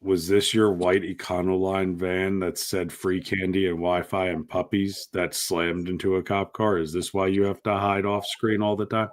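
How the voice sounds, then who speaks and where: A man's voice: sits low, flat delivery, normal speed, hardly any pauses. Blunt, foul-mouthed male podcast host. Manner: blunt, swears freely, teasing. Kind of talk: casual chat, profane storytelling.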